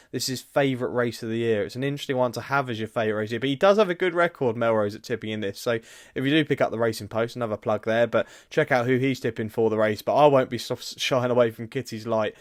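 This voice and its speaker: A man co-hosting a horse racing preview, running through the odds briskly with chatty asides. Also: medium pitch, no room sound, clean studio sound. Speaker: racing tipster co-host. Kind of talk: casual racing preview chat.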